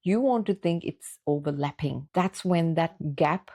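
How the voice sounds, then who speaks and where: A woman vocal coach leads a guided singing lesson, encouraging the listener through each exercise. Her voice sits a little low and sounds mellow and warm. She speaks at an unhurried, patient pace.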